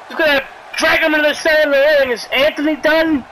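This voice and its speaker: A game commentator calling a wrestling video game play by play, excitable, sarcastic, yelling at big moves and pleading with the wrestlers. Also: sits high, quick pace, few pauses, very noisy. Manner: sarcastic asides and mild swearing.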